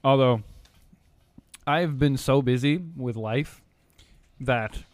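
A laid-back young man co-hosting a podcast, speaking at an ordinary middle pitch. He jokes and swears in loose, easy chat. His voice is recorded dry and close, with no room sound. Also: slow pace, no room sound. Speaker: podcast co-host. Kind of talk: casual chat.

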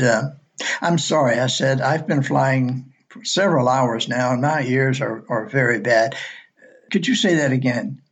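Older Southern man, slow and gravelly. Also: mid-range voice. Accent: slight Southern US. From Alabama, US South. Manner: slow, folksy storytelling. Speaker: listener sharing memories. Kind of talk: reading a personal story.

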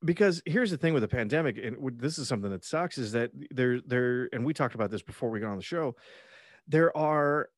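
A man co-hosting a casual podcast. He rambles with plenty of swearing and false starts. The sound is dry and close, at an ordinary pitch. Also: animated, brisk, no echo. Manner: profane, rambling, lots of restarts. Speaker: podcast co-host. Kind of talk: casual chat.

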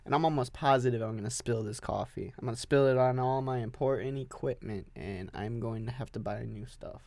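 A man's voice: mid-range voice, fairly quick, gravelly, darkish tone, no echo. A young man hosting a solo podcast, rambling and swearing, repeating himself as he talks while standing with a coffee. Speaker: podcast host.

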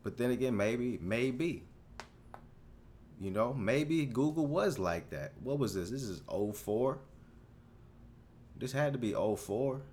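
A man in his twenties hosting a solo podcast, rambling through a story in a casual, profane, animated way, full of restarts. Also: mid-range voice, slow, long pauses, a little hiss or hum. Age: 20s. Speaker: podcast host.

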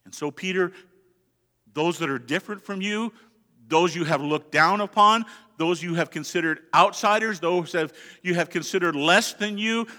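A man preaching a sermon as a pastor, swinging between hushed, quiet stretches and emphatic passages. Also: sits high, moderate pace. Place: church sanctuary. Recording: long reverb of a large hall.

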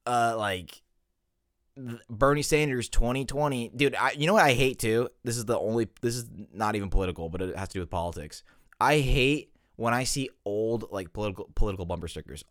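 Young guy podcasting solo, rambly and worked up, dry close mic, medium pitch. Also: brisk, no room sound. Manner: rambling, animated, filler-heavy. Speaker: podcast host. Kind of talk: casual solo podcast rant.

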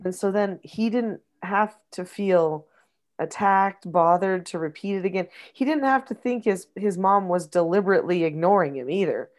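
Middle-aged mom in casual chat, thoughtful, explains stuff slowly and restarts her sentences a lot. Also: mid-range voice. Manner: reflective, explanatory, with frequent restarts. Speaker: mother discussing parenting. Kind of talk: casual conversational advice.

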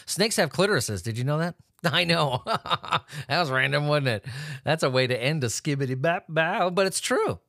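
Male host, fairly high voice, foul-mouthed sarcastic news riffing, dry booth sound. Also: lively intonation, moderate pace, fairly bright tone, no echo. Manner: swearing, laughing, sarcastic asides. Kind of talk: profane comedic news commentary.

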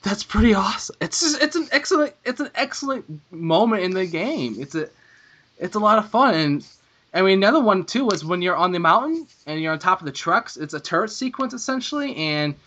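A man co-hosting a gaming podcast, chatting casually and getting excitable and gushing when thrilled. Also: high voice, a little fast. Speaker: podcast co-host.

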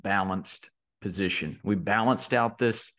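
An easygoing man in his thirties chats on a podcast, with a fairly low voice. He rambles warmly through his story, full of "uh" and small restarts. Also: measured pace. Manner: laid-back storyteller, many fillers and restarts. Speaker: podcast co-host. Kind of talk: casual podcast chat.

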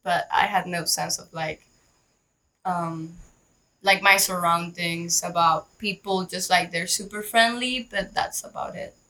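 A woman's voice: lowish voice, fairly even intonation, a little slow, sharp tone, rough recording. A young woman, a podcast guest, chatting in an easygoing way with lots of "like" fillers. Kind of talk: casual chat.

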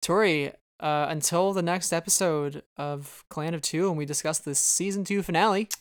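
A relaxed man hosting a casual podcast, with a smooth, resonant voice. He talks in an easy, laid-back way. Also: fairly high pitch, normal speed. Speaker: podcast host. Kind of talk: casual fan podcast chat.

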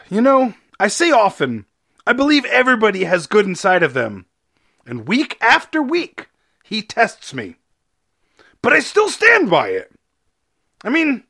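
A man's voice: very high-pitched, huge pitch swings, unhurried, creaky, long pauses, pushed and bright, breathy edge. A young adult man hosting a comedic solo podcast, upbeat, playful and goofy. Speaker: podcast host.

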